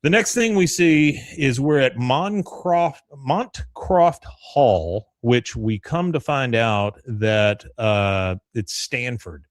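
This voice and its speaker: A man's voice: medium pitch, lively intonation, slow pace, few pauses, no echo. A man hosting a podcast who rambles through an episode recap, his voice moving up and down a lot as he slips into character lines. The sound is close and dry, with no room around it. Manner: rambling storyteller, acts out the lines. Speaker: podcast host.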